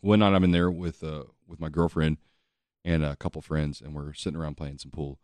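A man's voice: very deep voice, flat delivery, brisk, a little mellow, no room sound. A man telling a long bar story in casual chat, profane and laughing often as he rambles.

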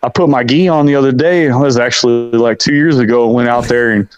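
A man's voice: medium pitch, a little fast, lo-fi sound. A man in his forties, a podcast guest, talking in a brash, profane, boastful way in casual chat.

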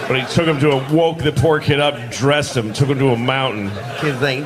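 A man performing a stand-up comedy routine, mocking and animated, acting out characters in changing voices. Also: medium pitch, moderate pace. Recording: live club clip with crowd laughter and noise.

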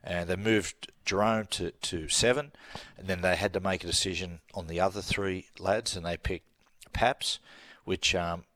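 A middle-aged Australian man with a very low, deep voice, spinning casual yarns and laughing at himself. The sound is dry and close, with no room around it. He talks in a loose, chatty way as the host. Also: steady tone, moderate pace, a bit bright, dry recording. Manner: storytelling, self-mocking, laughing. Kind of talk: casual chat.

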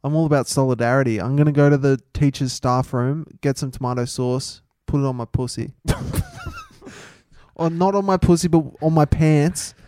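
Oblivious male drama teacher, deadpan delivery, mid-pitched voice, as a man puts him on. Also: moderate pace, no room sound, studio quality, close to an everyday voice.

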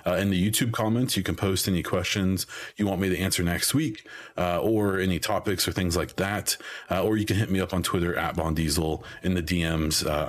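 A man with a very low voice talks through a solo podcast in loose, rambling chat, full of fillers and restarts. His voice is wearing thin as though he is losing it. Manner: rambling, many ums and restarts. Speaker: podcast host. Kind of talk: casual solo podcast talk.

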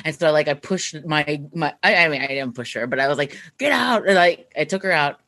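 A woman's voice: low-pitched, fairly quick. A young woman co-hosting a podcast, telling a story in a rambling, chatty way with lots of fillers. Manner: rambling, lots of "like", animated retelling. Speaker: podcast co-host. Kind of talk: casual storytelling chat.

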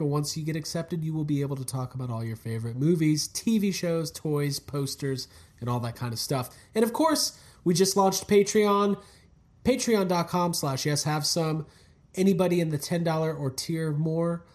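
A man hosting a podcast in casual, animated banter, joking and swearing freely. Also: fairly high pitch. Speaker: podcast host.

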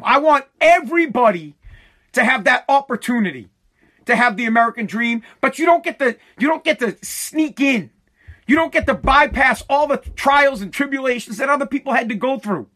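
Guy ranting politics, swearing a lot, voice jumps around. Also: extremely high pitch. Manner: profane, animated, mocking. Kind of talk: heated political rant.

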